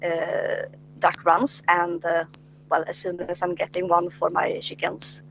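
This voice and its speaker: A woman hosts a relaxed chat, pausing often and filling gaps with hesitant sounds. The recording is dull, with a faint hum behind her. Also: fairly low pitch, creaky. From Sweden. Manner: hesitant, many filler sounds. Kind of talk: casual interview chat.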